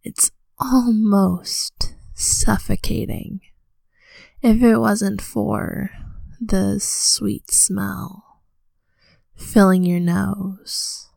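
A woman voicing a commanding female vampire in a slow, breathy whispered role-play. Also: mid-range voice, flat delivery, a little mellow, no room sound, full character voice. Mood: hypnotic. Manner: slow hypnotic countdown, commanding.

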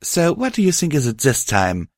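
A man's voice: a little high, huge pitch swings, normal speed, no room sound, studio quality, pitched above the performer's own voice. A man voicing a teasing, mischievous young mare in a storybook reading.

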